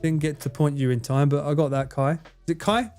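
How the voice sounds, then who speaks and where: A soft-spoken man with an Essex accent chats casually to his livestream audience, his voice sitting a little high and tending to mumble. Faint music runs underneath. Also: a little fast. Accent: Essex English. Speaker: streamer.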